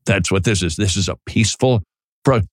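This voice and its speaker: A man's voice: on the low side, fairly quick, dry recording, clean studio sound. A man from Minnesota hosting a talk radio show, sarcastic and mocking, stumbling over repeated words.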